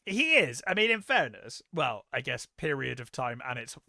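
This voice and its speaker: Bright, lively man reviewing films. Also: medium pitch, normal speed, creaky, no room sound, studio quality. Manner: animated, swears casually, laughs often. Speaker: podcast co-host. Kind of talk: casual film review chat.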